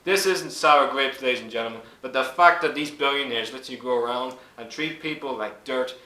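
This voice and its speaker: Angry guy in his 20s ranting on his vlog, swears loads, bright edgy tone, echoey room. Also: medium pitch, a little fast. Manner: furious, swearing, emphatic. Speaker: YouTuber.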